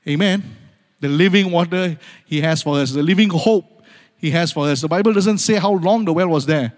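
A pastor delivers a sermon at a moderate pace in a slightly high voice, and a long reverb carries it through a large hall. He swings dramatically from loud, urgent, rising appeals to hushed near-whispers, repeating key phrases and calling out amen.

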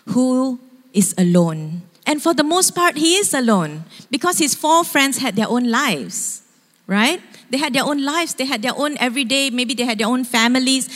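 Slow-speaking woman pastor in a church hall. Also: medium pitch. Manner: animated storytelling. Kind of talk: sermon. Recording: long hall reverb.

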